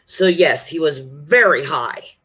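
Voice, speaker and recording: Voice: medium pitch, takes it slowly, a bit bright, slightly rough. A vlogger telling a personal story in a casual, profane, emphatic monologue, acting out the other people's lines.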